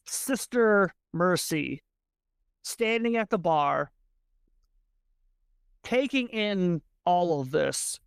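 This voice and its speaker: A woman game master narrating a tabletop game. She talks slowly with a lively, expressive rise and fall, on the low side of the women's range. Her descriptions come with casual fillers, and the sound is dry and close. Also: gravelly, clear, resonant tone, dry recording.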